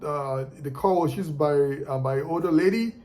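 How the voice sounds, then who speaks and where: A man's voice: fairly high pitch, moderate pace, darkish tone, rough recording. A man telling a story casually to his viewers, often repeating and restarting words as he goes. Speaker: car flipper sharing tips.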